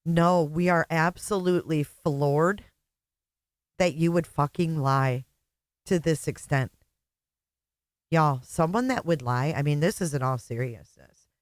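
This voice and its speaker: A woman hosts a livestream, reading out and thanking viewers in a casual, mocking tone. Her voice sits a little low and she laughs often. The sound is dry and close. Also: measured pace, long pauses, dry recording. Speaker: livestream host.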